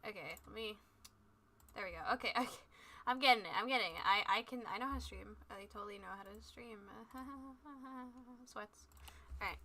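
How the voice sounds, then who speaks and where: A woman's voice: on the high side, normal speed, pauses often, pushed and bright, a little hiss or hum. A woman streaming a game, chatting casually in a bubbly, scatterbrained way and joking at herself. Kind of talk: casual live-stream chat.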